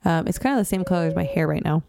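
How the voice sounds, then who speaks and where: A woman's voice: fairly low pitch, rapid-fire, creaky, noisy background. A woman hosting a podcast in casual chat, chatty and full of "um"s. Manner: chatty, frequent "um", laughs easily. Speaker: podcast host.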